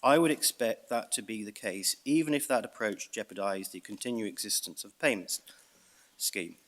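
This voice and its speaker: A British man arguing a case in court as a barrister, reading out evidence and stressing key words in a measured way. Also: on the low side, fairly bright tone. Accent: British English. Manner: measured, reads out evidence with emphasis. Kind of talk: courtroom legal argument.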